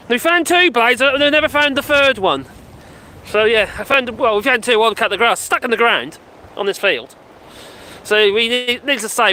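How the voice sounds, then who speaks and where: A man's voice: high voice, pushed and bright, poor audio. A man live-streaming outdoors in gusty wind, chatting casually and rambling with laughs and exclamations, into a mic with a furry windshield. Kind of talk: casual live-stream chat, reading comments. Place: outdoors on a windy hillside near buildings. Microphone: handheld mic with furry windshield.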